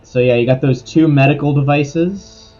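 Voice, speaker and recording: A man running a tabletop game as game master, describing scenes in a relaxed way with fillers. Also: a little high, moderate pace, dull audio, music in the background.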